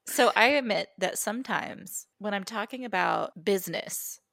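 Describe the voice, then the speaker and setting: A woman co-hosting a podcast in casual, animated chat, giggling often. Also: mid-range voice, creaky, no echo, studio quality. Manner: animated, giggly, quick asides. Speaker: podcast co-host.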